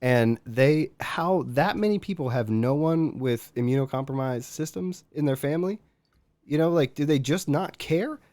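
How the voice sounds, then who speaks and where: A man from the United States co-hosting a podcast, explaining things haltingly with many fillers. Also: fairly high pitch, darkish tone, no echo. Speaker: podcast co-host. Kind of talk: casual chat.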